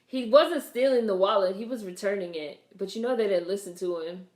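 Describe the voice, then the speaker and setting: A young woman talks through a film as she watches it, casual and wry, often talking back at the screen. Her voice sits at an everyday middle pitch. The room around her adds a noticeable echo. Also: a little fast. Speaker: vlogger reacting to a film. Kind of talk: casual watch-along commentary. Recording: roomy echo.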